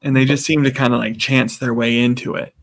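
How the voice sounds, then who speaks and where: Gravelly-voiced man recapping an episode. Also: medium pitch, little pitch movement, a little fast. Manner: retells scenes with quoted character voices. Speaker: podcast co-host. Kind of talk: casual chat recapping a TV episode.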